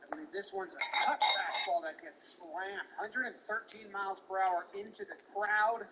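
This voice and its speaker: A man narrating and explaining a baseball at-bat in a relaxed, explanatory commentary style. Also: sits high, normal speed. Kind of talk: scripted video commentary. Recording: recording with clear background noise.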